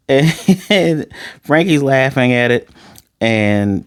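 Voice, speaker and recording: A man casually reviewing an anime episode, joking asides and quickly paraphrasing the characters' lines. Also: medium pitch, big pitch swings, no echo, clean studio sound. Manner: chatty, joking asides, paraphrases scenes in quick quoted voices. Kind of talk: casual spoken episode recap.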